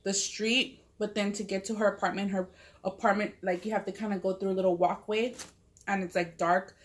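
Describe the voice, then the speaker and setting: A woman, telling a story in casual, profane, rambling talk full of "like" while eating at home. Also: medium pitch. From Southern California. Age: 30s. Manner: profane, rambling, lots of "like" fillers. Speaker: mukbang vlogger. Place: at home with a cat.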